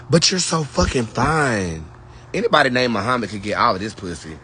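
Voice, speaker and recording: A tarot-reading man talks casually to his viewers, sassy and profane as he rambles from one thought to the next. His voice is bright and forceful, sitting at a middle pitch. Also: animated, a little fast, a little hiss or hum. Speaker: tarot reader. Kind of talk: casual livestream chat with viewers.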